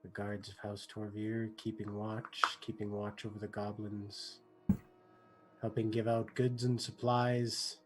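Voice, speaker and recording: Slow, unhurried male game master narrating. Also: lowish voice, completely flat delivery. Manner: slow, descriptive narration with frequent restarts and softening fillers.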